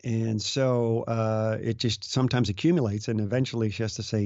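A middle-aged man chats as a guest, his gravelly voice stumbling through restarts and fillers. The recording is dull and lo-fi, with a very dry sound and no room around him. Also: on the low side, fairly even intonation, a little mellow, dry recording. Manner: halting, full of restarts and fillers. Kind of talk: casual conversation.

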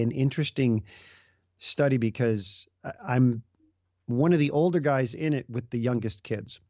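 A middle-aged man in casual conversation as a guest, talking in halting bursts with many restarts and fillers. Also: medium pitch, creaky, darkish tone, no room sound. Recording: dull lo-fi dry sound.

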